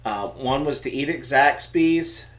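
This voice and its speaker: A man's voice: medium pitch, measured pace. A middle-aged man, telling a funny family story in a casual live chat and acting out the voices of the people in it. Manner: animated storyteller acting out quotes. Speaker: homestead channel co-host.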